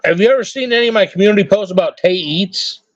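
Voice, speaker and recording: A man with a high voice hosts a casual trading card live stream, teasing and joking as he chats. The sound is dull and lo-fi, close and dry with no room echo. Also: lively intonation, quick pace.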